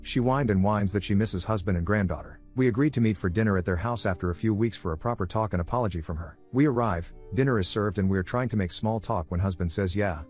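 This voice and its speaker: Male narrator, lowish voice, quick steady read, faint music bed underneath. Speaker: story narrator. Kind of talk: scripted narration of an online story.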